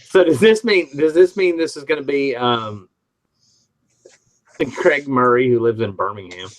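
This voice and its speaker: A man's voice: medium pitch, a little slow, low-quality recording. Rambling man from the Midwest, hosting. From Midwest of the United States. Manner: rambling storyteller with frequent restarts. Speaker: host reading live chat. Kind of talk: casual live-stream chat.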